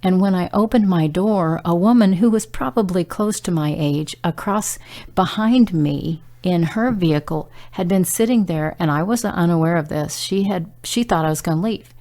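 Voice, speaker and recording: A middle-aged woman with a gravelly, low-leaning voice gives an informal devotional message. She talks earnestly and conversationally, telling stories with plenty of fillers. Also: moderate pace, dark tone. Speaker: Christian prophetic speaker.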